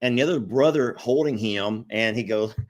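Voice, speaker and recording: A man's voice: mid-range voice, normal speed. A middle-aged man telling stories in casual chat, rambling and laughing often. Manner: rambling storyteller, laughs a lot, does voices in quotes. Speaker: co-host.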